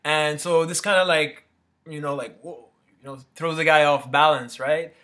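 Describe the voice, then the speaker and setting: Sex: male. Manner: rambling, full of "you know, right?". Tone: bright. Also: fairly high pitch, fairly even intonation, normal speed. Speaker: motivational speaker. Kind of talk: casual motivational talk.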